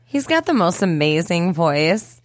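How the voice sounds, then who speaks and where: A woman's voice: on the low side, sing-song, a little slow, no echo. A woman from Michigan with a Midwestern American accent, making dry, agreeable remarks in a casual podcast chat. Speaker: podcast co-host.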